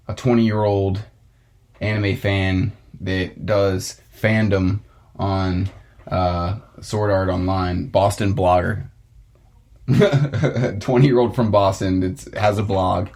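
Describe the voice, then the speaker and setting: A man's voice: low-pitched, steady tone, takes it slowly, a little mellow. A young man hosting a casual podcast chat, ranting and swearing with frequent laughs. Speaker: podcast host.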